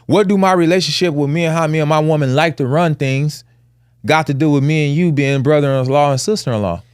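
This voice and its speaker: A man's voice: a little high, a little fast, a little mellow, clean tone, no echo, studio quality. A man co-hosting a casual podcast chat, blunt and plainspoken, driving his points home through repetition and lists. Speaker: podcast co-host.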